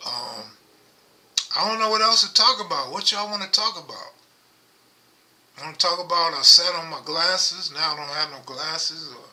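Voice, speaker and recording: A middle-aged man hosting a casual livestream, talking low and rambling close to his microphone. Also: bright, forceful tone. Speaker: livestream host. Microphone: microphone held close.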